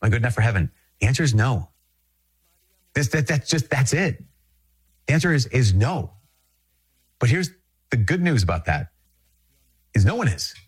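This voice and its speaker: A man's voice: medium pitch, very animated, moderate pace, pauses often, husky. A man from Minnesota, a Catholic priest, giving an earnest, conversational spiritual talk and repeating phrases for emphasis.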